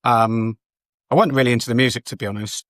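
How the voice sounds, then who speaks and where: Relaxed man, mid-pitched, hesitant talk. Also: fast, no room sound, studio quality. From England. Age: 40s. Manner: relaxed, hesitant, many ums and restarts. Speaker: guest, DJ and photographer. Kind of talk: casual interview chat.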